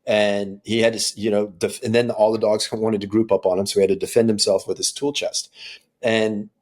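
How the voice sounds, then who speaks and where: Low-voiced man saying dude a lot. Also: level tone, a little fast, darkish tone. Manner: blunt, swears, calls people dude. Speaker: podcast co-host. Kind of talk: casual podcast chat.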